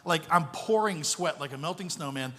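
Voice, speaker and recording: A man with a somewhat high voice preaches to a congregation as a visiting missionary pastor. He tells his story in an animated, joking way, and his voice rings with the long reverb of a church hall. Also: normal speed. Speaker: missionary pastor, guest speaker. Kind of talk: storytelling sermon. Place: church sanctuary.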